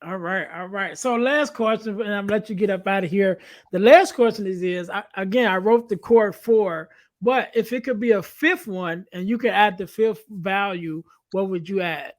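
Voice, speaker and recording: High-voiced man host asking questions. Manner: measured, lists points and checks in with "right?". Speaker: podcast host. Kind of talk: interview questions.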